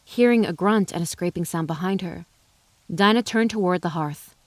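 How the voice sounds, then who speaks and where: A woman reading a western novel aloud as narrator, in an even, measured storytelling voice. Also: on the low side, dry recording. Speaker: audiobook narrator. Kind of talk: scripted narration.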